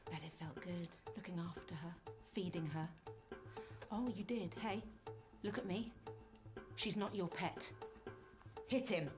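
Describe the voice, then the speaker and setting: A woman's voice: lowish voice, measured pace, music in the background, natural voice. An actress playing a cold, relentless female interrogator who gives commands, in a live-action game. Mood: menacing.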